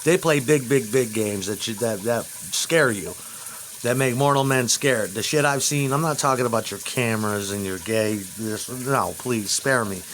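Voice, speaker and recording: A man rambles crudely in a home vlog, his voice at an ordinary middle pitch. He lurches from loud bursts to low muttering, with a faint hiss of background noise behind him. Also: normal speed, rough recording.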